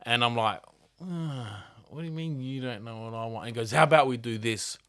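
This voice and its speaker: A man's voice: medium pitch, fairly quick, fairly bright tone, clean tone, no room sound, clean studio sound. A man hosting a podcast, laid-back and slangy, swearing freely as he chats. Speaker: podcast host. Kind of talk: casual chat.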